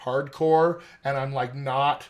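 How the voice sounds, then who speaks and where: A man working as an accent coach, talking in a casual interview in animated, quick bursts. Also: mid-range voice, muffled recording.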